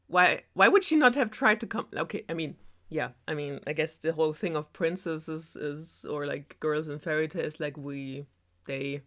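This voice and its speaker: A woman's voice: low voice, a bit bright. A young woman with a German accent, retelling a fairy tale with sarcastic, rambling asides. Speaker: host.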